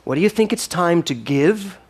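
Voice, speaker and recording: A man's voice: high voice, lively intonation, moderate pace, breathy edge. A man preaching a sermon as minister of his spiritual center, with emphatic rising lines and playful asides.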